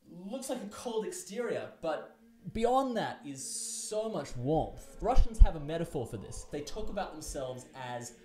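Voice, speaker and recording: A man explains things to the camera in a casual, chatty way, sitting a little higher in pitch than most men. His delivery is loose and conversational, and his voice rises and falls in loudness. The sound bounces around an echoey room. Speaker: vlogger, English teacher in Russia.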